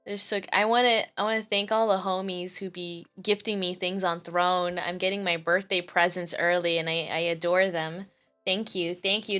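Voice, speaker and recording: A woman's voice: lowish voice, little pitch movement, normal speed, a bit bright, clear, resonant tone. A young woman in her twenties streaming live and chatting casually with her viewers, playful, goofy and giggly, swearing freely. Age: 20s.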